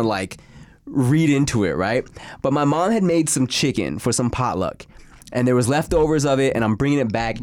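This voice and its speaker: Animated swearing podcast co-host, man. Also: medium pitch, no room sound. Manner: animated, swearing, laughs a lot. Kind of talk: casual storytelling chat.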